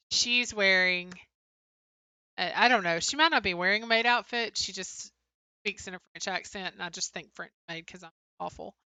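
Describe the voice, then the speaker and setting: A woman's voice: mid-range voice, sharp tone, clear, resonant tone, no echo. A young woman co-hosting a livestream, casually chatting and answering viewers' comments with frequent "um" fillers. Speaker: livestream co-host.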